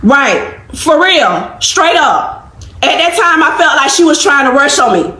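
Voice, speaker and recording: A woman's voice: high voice, animated, unhurried, sharp tone, echoey room. A woman vlogger telling a story in a casual, emphatic way and acting out the dialogue. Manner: emphatic, acts out quoted dialogue.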